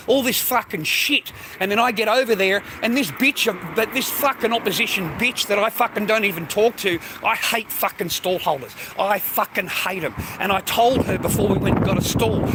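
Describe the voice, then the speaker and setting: A man's voice: high voice, moderate pace, hardly any pauses, noisy background. A middle-aged Australian man in an aggressive, profane ranting monologue, swearing and repeating himself. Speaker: vlogger.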